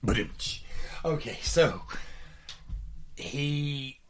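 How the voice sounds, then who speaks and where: A man co-hosting a true-crime podcast, dropping dry deadpan jokes and adding corrections in casual chat. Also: medium pitch, brisk, slight background noise. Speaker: podcast co-host.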